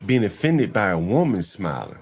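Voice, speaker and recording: A man's voice: lowish voice, sing-song, normal speed, breathy edge. A man giving casual reaction commentary on a clip, emphatic and full of rhetorical asides.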